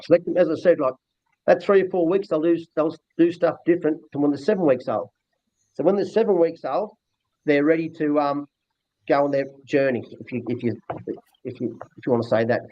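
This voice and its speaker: An older Australian man who trains dogs talks bluntly and rambles earthily in a casual interview. His voice is on the high side, fairly quick and warm, captured in a dull, lo-fi, dry recording with no room sound.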